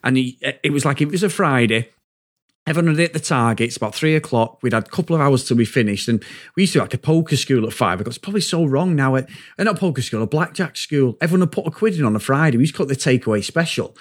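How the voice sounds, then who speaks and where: A man's voice: medium pitch, quick pace. A man in casual podcast chat, telling work stories with lots of swearing. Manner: animated, swears a lot, laughs while telling stories. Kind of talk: casual chat reviewing a comedy series.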